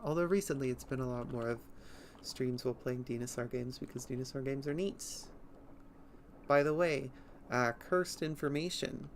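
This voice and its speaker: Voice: mid-range voice, moderate pace, a little hiss or hum. A streamer chatting nerdily through a livestream of a game, rambling with giggles at a home setup. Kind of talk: livestream gameplay commentary.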